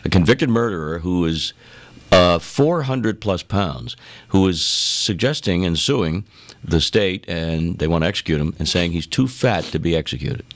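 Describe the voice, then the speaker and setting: A man's voice: low-pitched, lively intonation, normal speed. A man hosting a radio interview, easygoing and chuckling as he asks questions. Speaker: radio show host. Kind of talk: casual interview chat.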